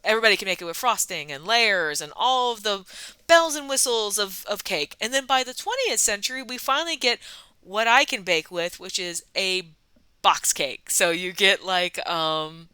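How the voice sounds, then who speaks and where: A woman's voice: mid-range voice, animated, moderate pace, sharp tone, clean tone, dry recording. A woman hosting a soda review vlog, telling a casual history with wry asides and frequent ums and uhs.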